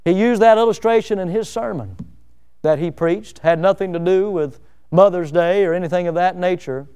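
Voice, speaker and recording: A male pastor preaching a sermon, building to emphatic peaks and then dropping to soft, quiet lines. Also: high voice, moderate pace, smooth.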